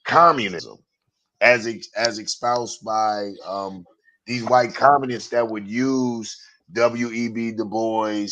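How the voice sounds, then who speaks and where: A man hosting a casual talk show, telling stories in a digressive way and getting animated as he recounts them. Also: fairly low pitch, slow. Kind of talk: casual political chat.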